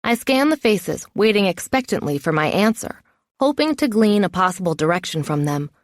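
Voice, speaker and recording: A woman's voice: mid-range voice, big pitch swings, normal speed, no room sound, clean studio sound. A woman narrating a first-person novel in a wry, self-mocking inner voice. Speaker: audiobook narrator.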